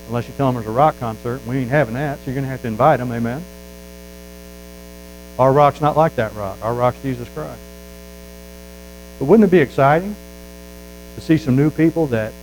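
Baptist pastor guy preaching fast n fervent, bit of mains hum behind. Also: mid-range voice, poor audio. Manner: folksy, emphatic preaching that rises to loud fervor. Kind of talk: sermon.

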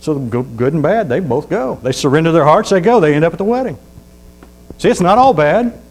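A man's voice: on the high side, expressive, low-quality recording. A man preaching a sermon in a folksy storytelling way, reading scripture aloud and dropping in amens. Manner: reads scripture aloud slowly.

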